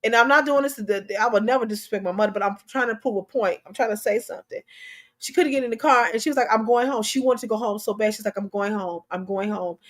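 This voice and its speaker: Impassioned preachy woman host, high voice. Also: fast. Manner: preachy, impassioned, repeats herself. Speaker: talk show host. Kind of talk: emotional commentary on a news story.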